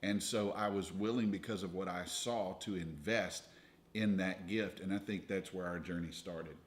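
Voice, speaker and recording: Young man, lowish voice, earnest, steady, advice-giving, casual preaching tone. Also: moderate pace, slight background noise. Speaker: ministry leader, co-host with wife.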